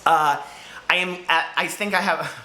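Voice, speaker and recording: A man with a slightly high, bright voice and a forceful tone speaks at a moderate pace, the sound roomy around him. As a book vlogger in a hot room, he's overheated, rambling and giggling through a casual chat about this week's books.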